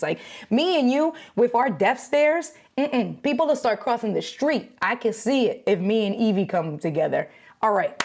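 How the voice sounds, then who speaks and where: A woman's voice: medium pitch, darkish tone. A woman live streaming, chatting casually to her viewers and reading their comments. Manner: chatty, talks straight to viewers and reads chat. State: out of breath.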